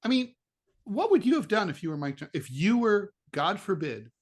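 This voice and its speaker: A man's voice: high voice, very animated, brisk, slightly rough. A middle-aged man from the United States co-hosting a political podcast, talking in a chatty, sardonic way with many fillers and restarts. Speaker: podcast co-host, political cartoonist. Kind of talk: casual political chat.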